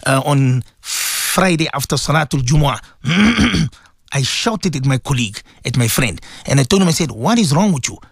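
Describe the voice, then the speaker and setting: A man hosting a live morning radio show, talking casually and directly to his listeners in an animated way. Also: medium pitch, normal speed, vocal fry, slightly rough, no echo, clean studio sound. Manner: animated, addresses listeners directly, sprinkles Arabic phrases. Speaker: radio presenter. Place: radio studio.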